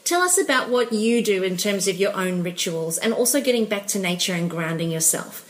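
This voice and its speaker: A woman hosting a podcast, effusive and quick to laugh as she chats and wraps up the show. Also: mid-range voice, expressive. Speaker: podcast host. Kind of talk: casual podcast chat and sign-off.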